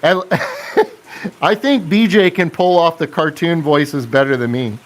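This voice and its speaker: Male live-stream host, slightly higher voice, unhurried, chatty with viewers. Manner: chatty, reads and answers viewer comments, laughs often. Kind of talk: casual live stream chat.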